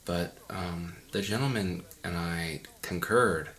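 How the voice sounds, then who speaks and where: A man's voice: low-pitched, slow pace, a bit bright. A man giving a mock audio commentary in a pompous, condescending, rambling way. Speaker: commentary host.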